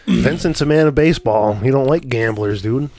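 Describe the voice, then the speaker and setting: A man of middle pitch co-hosts a casual podcast, relaxed and brief in his replies. His voice sits close to the mic in a dry space. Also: moderate pace, no echo. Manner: laid-back, short agreeing replies, says "dude".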